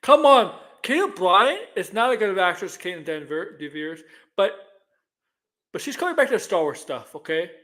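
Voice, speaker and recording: Man, high voice, middle-aged, movie news co-host, rambling, repeats himself. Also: sing-song, normal speed, a bit bright. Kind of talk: casual entertainment news chat.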